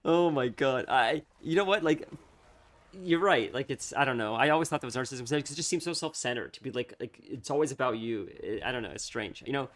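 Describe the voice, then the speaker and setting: A man's voice: medium pitch, expressive, fairly bright tone. Rambling man chatting while gaming. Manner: rambling, thinking aloud, quick to laugh. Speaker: streamer. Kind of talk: casual chat while gaming.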